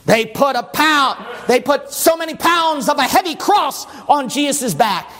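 A male preacher gives an impassioned sermon in a church hall. He tells the story dramatically in a very high, lively voice. Every phrase rings out in a long hall reverb. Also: unhurried. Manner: dramatic storytelling, rising into shouting.

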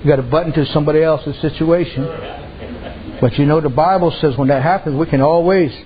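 A man with a notably high voice preaches in a folksy, rambling way, telling stories and tossing in "amen" between thoughts. The recording sounds muffled and lo-fi. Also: steady tone, fast talker. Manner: folksy, repeats "amen" and "I said", uses dialect. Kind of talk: sermon with storytelling. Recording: dull lo-fi sound.

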